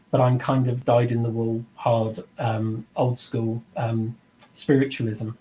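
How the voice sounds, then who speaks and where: A middle-aged man leads an informal spoken lesson on mediumship. His delivery is earnest and reflective, and his pitch sits in the middle range. He briefly takes on other voices when he quotes people. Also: a little mellow, low-quality recording. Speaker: mediumship teacher.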